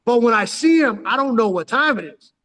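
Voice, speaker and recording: A man's voice: very high voice, brisk. A man in his forties from San Diego, telling stories in casual chat, full of street slang and acted-out quotes. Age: 40s. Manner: street slang, keeps saying "dog", animated retelling with acted-out quotes. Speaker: storyteller.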